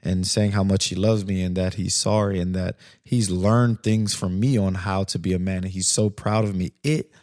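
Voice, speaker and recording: A man's voice: low voice, steady tone, moderate pace, hardly any pauses, darkish tone, no room sound, studio quality. A man in his thirties hosting a podcast, telling a personal story and then giving earnest, reflective advice straight to listeners. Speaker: podcast host. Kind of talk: podcast monologue on parenting.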